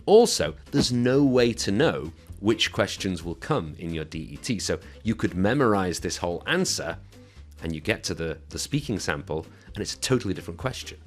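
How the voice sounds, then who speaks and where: Guy teaching an english exam class, lowish voice that bounces up and down, faint music behind. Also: big pitch swings, moderate pace. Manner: encouraging, instructive, checks in with listeners. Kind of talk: teaching pronunciation with a sample answer.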